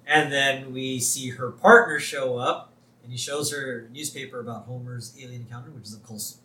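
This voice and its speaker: A man's voice: medium pitch, normal speed, roomy sound, far from the mic, poor audio. A man co-hosting a casual podcast, retelling scenes with lots of laughter and quoted lines. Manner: laughs often, animated retelling with put-on quotes. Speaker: podcast co-host. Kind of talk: casual chat recapping a TV episode.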